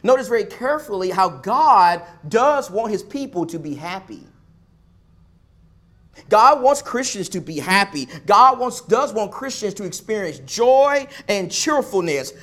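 High-voiced preacher building emphatic repetitions. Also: male voice, very animated, moderate pace. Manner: swings between loud pushes and soft asides. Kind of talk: sermon.

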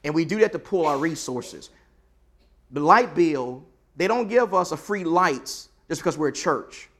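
A man's voice: fairly high pitch, lively intonation, unhurried, fairly bright tone. A man preaching to his congregation in a conversational way, reading scripture aloud with emphasis. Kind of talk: sermon. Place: church auditorium.

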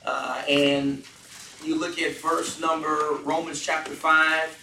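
A man's voice: on the high side, little pitch movement, takes it slowly, bright, forceful tone, slight background noise. A man leading a Bible study, earnestly asking the group questions. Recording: echoey room from far off.

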